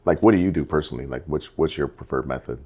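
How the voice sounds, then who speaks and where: A man's voice: rumbling low, fast talker, slightly rough. A young man co-hosting a podcast, telling a story in casual chat, swearing often and acting out what people said. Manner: profane, animated storytelling with acted-out quotes. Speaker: podcast co-host.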